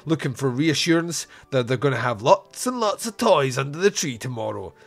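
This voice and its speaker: A man's voice: mid-range voice, lively intonation, moderate pace, vocal fry. A man voicing a grumpy, cynical, foul-mouthed Santa who talks in a sarcastic, mocking way. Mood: sardonic.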